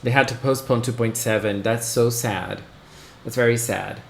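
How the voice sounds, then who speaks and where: A man hosting a casual live stream, excitably chatting and greeting his viewers one by one. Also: mid-range voice, normal speed, gravelly, slight background noise. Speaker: livestream host. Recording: roomy echo.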